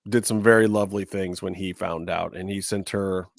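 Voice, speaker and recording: A man hosting a casual wrestling podcast, talking loosely and breaking into high, excited exclamations. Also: normal speed, vocal fry. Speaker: podcast host.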